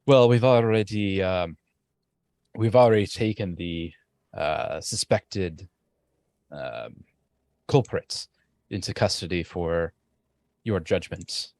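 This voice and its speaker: A man's voice: low-pitched, a little mellow, no echo. A man voicing a polite, hesitant male soldier who reports a problem to his superiors. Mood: reporting trouble. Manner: deferential, halting with many fillers.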